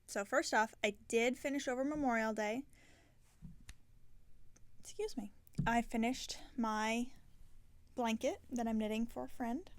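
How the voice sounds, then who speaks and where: Tired woman rambling about her knitting. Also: on the high side. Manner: rambling, with soft half-whispered asides. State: tired and yawning. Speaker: knitting podcast host. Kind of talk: casual chat. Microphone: self-filmed camera.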